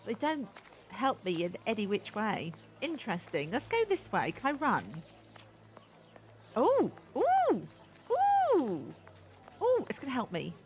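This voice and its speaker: A woman's voice: medium pitch, big pitch swings, normal speed. A woman hosting a gaming channel, chatting and giggling to herself as she plays. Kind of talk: game playthrough commentary.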